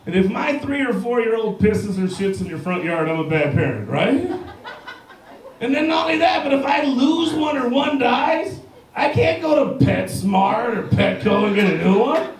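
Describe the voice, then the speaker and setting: Loud, crude stand-up man in an echoey bar. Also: very high-pitched, very animated, normal speed. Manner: crude, punchy, often shouting punchlines. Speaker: stand-up comedian. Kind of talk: stand-up set. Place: bar stage before a live crowd. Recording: distant mic with heavy bar room echo.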